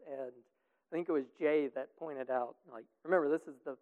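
A man's voice: fairly high pitch, fairly quick. A man leading a group Bible study discussion in a casual, rambling way with many fillers, heard over a tinny, echoing line. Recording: tinny phone-like line with long reverb.

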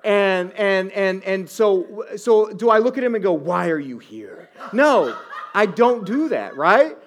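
A man in his thirties preaching a sermon as a pastor, conversational and animated, often asking the listeners rhetorical questions. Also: sits high, measured pace, a little hiss or hum.

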